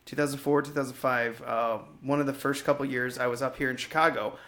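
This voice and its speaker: A man in his thirties co-hosting a movie podcast, telling stories in a casual, profane, animated way. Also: mid-range voice, fairly quick. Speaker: podcast co-host.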